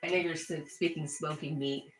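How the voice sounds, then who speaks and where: A woman's voice: low-pitched, fairly even intonation, moderate pace. A woman hosting a casual livestream, reading viewer chat messages aloud and chatting back. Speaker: livestream host. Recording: echoey room with faint background music.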